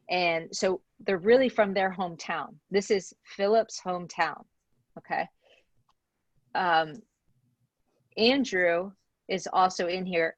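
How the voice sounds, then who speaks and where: Woman teaching bible study on zoom, lively chatty tone, dry close sound. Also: mid-range voice, no room sound. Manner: chatty, animated, asks questions, says okay often. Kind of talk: casual teaching over video call. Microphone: video call.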